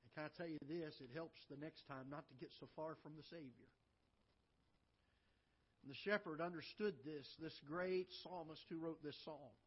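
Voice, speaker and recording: Man, pastor, sermon, church auditorium, slightly high-pitched, loud bursts and quiet asides, muffled lo-fi recording. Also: steady tone, normal speed, slightly rough. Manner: swings from loud emphatic lines to soft low asides.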